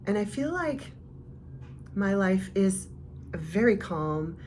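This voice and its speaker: A woman's voice: medium pitch, big pitch swings, takes it slowly, a little mellow, a little hiss or hum. A woman vlogger in casual, reflective talk straight to her viewers, heartfelt and rambling.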